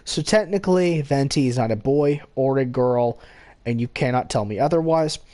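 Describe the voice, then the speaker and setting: A man's voice: medium pitch, normal speed, mellow. A man hosting a gaming channel, giving rambling casual commentary with frequent self-corrections and giggly asides.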